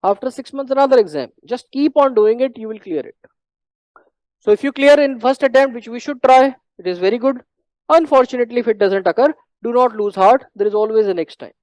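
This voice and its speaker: With an Indian English accent and a mid-range, darkish voice, a teacher runs a slightly fast medical exam prep class, emphatically repeating key points and often clearing the throat. There's no echo, though the recording sounds rough.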